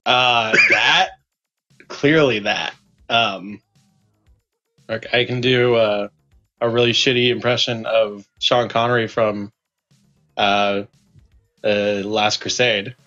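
Slow-talking young man, bright tone. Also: on the low side, steady tone, highs cut off, faint music behind. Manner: rambling, laughs often, many restarts. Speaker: podcast co-host. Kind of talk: casual chat.

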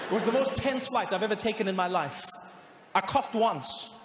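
A man telling a stand-up story, animated and acting out every character, his voice sitting high. He plays to a big room, the sound echoing with audience noise around him. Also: normal speed. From South Africa. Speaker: stand-up comedian. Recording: live show in an echoey hall with audience noise.

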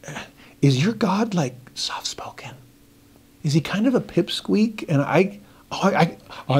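A middle-aged man teaching a scripture study lesson, playful and animated, acting out sarcastic lines as he explains. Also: mid-range voice.

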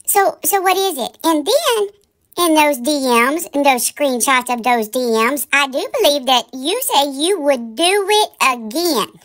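A woman delivers a heated commentary rant, scolding and full of rhetorical questions. Her voice sits high and sounds bright and sharp. She hosts her own commentary channel. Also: lively intonation, measured pace.

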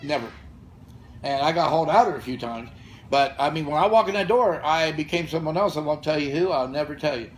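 A man's voice: a little high, fast talker, a little hiss or hum, rough recording. A man in his sixties telling blunt, profane stories in casual podcast talk as the show's guest. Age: 60s. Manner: blunt, profane, fired-up storytelling. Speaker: podcast guest and gym founder. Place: gym or studio with room ambience.

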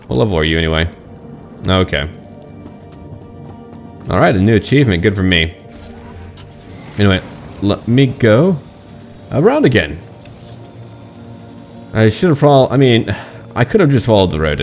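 A man casually commenting on his online role-playing game, chatty and self-mocking about getting lost. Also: deep voice. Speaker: gaming channel host.

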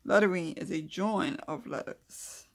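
Gravelly-voiced host of a casual lettering tutorial. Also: mid-range voice, moderate pace, background noise. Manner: reads notes aloud, then chats loosely while demonstrating; thinks aloud with mumbled asides while drawing. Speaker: craft video host.

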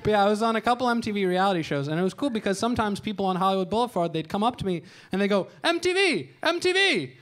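A man in his thirties doing stand-up storytelling on a comedy show stage, deadpan and crude, slipping into voices for the people he quotes. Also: high-pitched, very fast, hardly any pauses.

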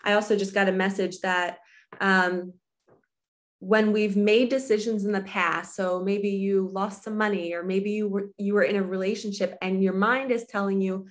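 A woman's voice: mid-range voice, fairly even intonation, normal speed. Earnest woman coaching on self-love. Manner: earnest, nurturing, speaks to viewers directly. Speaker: spiritual coach. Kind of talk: casual motivational monologue. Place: her apartment.

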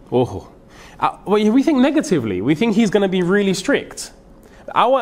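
Emphatic man preaching, higher voice. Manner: earnest, emphatic, switches between English and Urdu with Arabic quotations. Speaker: imam teaching at a madrasa. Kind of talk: sermon-style lecture.

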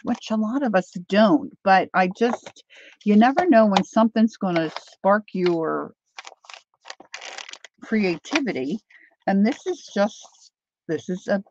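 A woman's voice: mid-range voice, slight background noise. A middle-aged woman hosting a craft livestream, chatting casually and rambling through stories while she talks to viewers by name. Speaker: craft channel host. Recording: dull lo-fi dry home recording.

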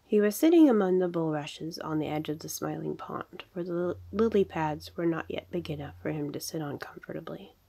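A woman reads a children's storybook aloud with a husky, slightly low voice. Her delivery is gentle and often drops toward a half-whisper. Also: expressive, normal speed, few pauses. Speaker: reader. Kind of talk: storybook narration.

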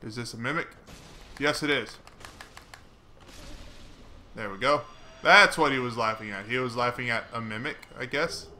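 A man giving casual, chatty commentary while playing a video game, mocking himself and breaking into excited swearing. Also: mid-range voice, moderate pace, pauses often, a little hiss or hum. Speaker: gaming let's player.

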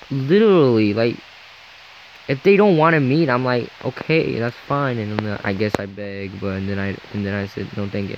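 Low-voiced man ranting to camera. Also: lo-fi sound, noisy background. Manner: frustrated, rambling, heavy on "like" and "you know", re-enacts dialogue. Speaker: vlogger. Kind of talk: casual ranting story to camera.

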